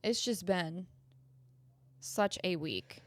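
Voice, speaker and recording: A young woman co-hosting a podcast, telling animated stories in casual chat, acting out quotes and swearing freely. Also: on the low side, extremely slow, dry recording. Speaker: podcast co-host.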